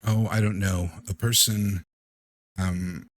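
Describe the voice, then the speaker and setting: A man with a low voice narrates as game master of a tabletop horror game. His delivery is relaxed and halting, full of filler words.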